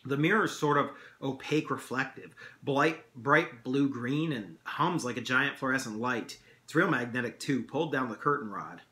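A man's voice: mid-range voice, moderate pace, few pauses, bright, forceful tone, lightly acted. A man reading a story aloud and voicing a clever teenage brother with a dry, amused manner. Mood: wry. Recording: echoey room.

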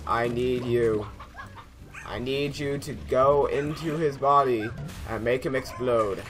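A man's voice: mid-range voice, takes it slowly, pauses often, fairly bright tone, soft background music. A young man talking casually over his game, rambling to viewers and yelping when startled. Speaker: gaming YouTuber. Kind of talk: casual let's play commentary.

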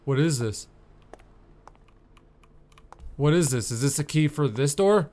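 A man's voice: fairly high pitch, lively intonation, brisk, few pauses, a little mellow. A young man commenting on a horror game he is playing, nervous and jumpy, swearing and joking to himself. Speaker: gaming YouTuber.

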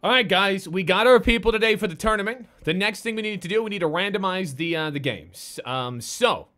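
A man hosting a live game tournament stream, relaxed, chatty and wry. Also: high voice, a little fast, soft background music.

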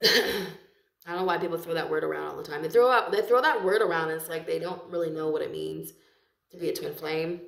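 A woman with a fairly low voice talks through a tarot reading in a loose, chatty way, swearing freely and laughing often. The sound bounces around an echoey room. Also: a little fast, vocal fry, fairly bright tone. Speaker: tarot reader.

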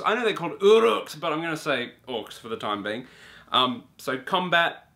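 A man's voice: medium pitch, very animated, normal speed, bright, forceful tone. A man giving a casual spoken video game review in an offhand, enthusiastic manner with some swearing.

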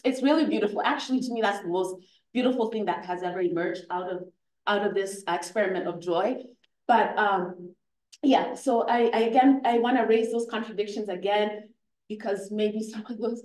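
A woman teacher wraps up her panel presentation in a reverberant room. Her voice sits in a middle register. She speaks earnestly, pausing and filling gaps with ums. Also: mid-range voice, darkish tone. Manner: earnest, halting, with fillers. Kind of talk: conference presentation. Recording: echoey room.

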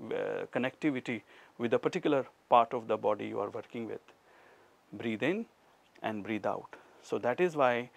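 A middle-aged man with an Indian accent, teaching a yoga class and calmly cueing each breath and movement step by step. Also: medium pitch, vocal fry. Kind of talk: guided yoga class instruction.

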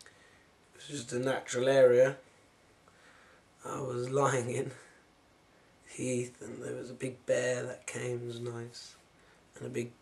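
A man's voice: mid-range voice, completely flat delivery, takes it slowly, vocal fry, long pauses. A man musing casually to camera about spiritual dimensions, wandering from thought to thought and trailing off. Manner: musing, wandering, with soft laughs and trailing-off phrases. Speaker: spiritual vlogger.

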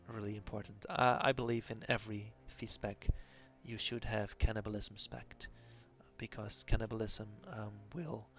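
A man's voice: fairly low pitch, a bit bright. A man voicing over a video game class guide, explaining hesitantly with many fillers. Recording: dull lo-fi audio with faint music.

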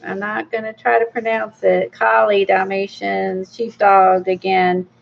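A woman's voice: mid-range voice, flat delivery, unhurried, gravelly, dull audio, a little hiss or hum. A middle-aged woman hosting a casual vlog, chatty and rambling with many fillers and small laughs. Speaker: art channel host. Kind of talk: casual book review vlog.

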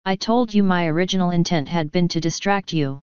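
A woman's voice: lowish voice, a little mellow, clear, resonant tone, dry recording, lightly acted. Woman reading as a solemn pony princess. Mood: pleading. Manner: measured, solemn pleading. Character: solemn royal night-princess mare, grave and earnest. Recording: dull lo-fi recording.

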